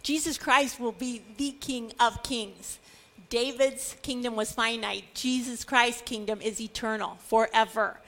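A woman's voice: on the high side, fairly even intonation, a little slow, a bit bright. A middle-aged woman teaching a Bible study, earnest and building to emphatic declarations.

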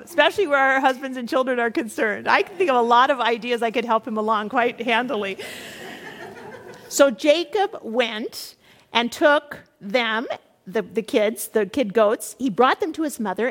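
Brief: female Bible teacher, chatty asides between readings, high voice, reverberant hall. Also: unhurried. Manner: expressive, conversational, with rhetorical asides. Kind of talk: Bible study teaching for women.

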